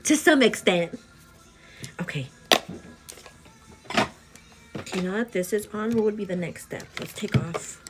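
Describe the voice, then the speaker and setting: A woman's voice: mid-range voice, a little slow, long pauses, loud music behind the voice. Chatty pregnant woman vlogging while getting ready. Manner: chatty and animated, lots of fillers. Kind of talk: casual get-ready-with-me chat. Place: indoors at home, getting ready.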